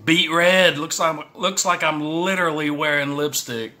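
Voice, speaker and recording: A man's voice: on the high side, a little slow, hardly any pauses, bright, forceful tone. A middle-aged man from Texas with a Southern accent, chatting casually to the camera in a folksy way and hyping himself up. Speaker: YouTube creator. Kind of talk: casual eating challenge vlog.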